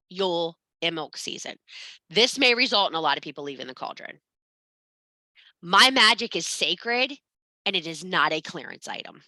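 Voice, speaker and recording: Blunt, profane, bright-voiced woman. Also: on the low side, dry recording. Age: adult parent. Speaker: pagan spiritual speaker. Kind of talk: informal spiritual talk.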